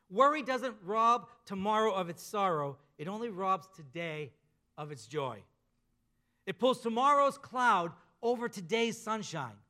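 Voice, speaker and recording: Male pastor, high bright voice, emphatic sermon delivery with drawn-out endings.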